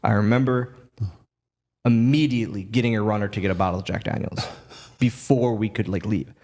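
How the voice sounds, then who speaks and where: A man and former wrestler telling a story as a podcast guest, animated and full of restarts and laughs. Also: on the low side, a little fast. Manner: animated, lively retelling with many restarts and laughs. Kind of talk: casual storytelling.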